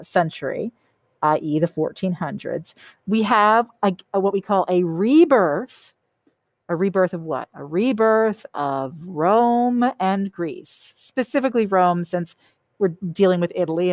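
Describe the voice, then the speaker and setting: A woman's voice: lowish voice, darkish tone, no echo. A woman teaching an art history lecture in a conversational way, often checking in with "okay?" and "right?" and repeating key points for emphasis. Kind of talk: recorded lecture.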